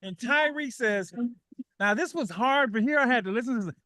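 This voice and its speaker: A man with a high, bright voice hosts a call-in radio show at a moderate pace, speaking animatedly, reading quotes aloud, and laughing often. The recording is dry and close on a studio mic.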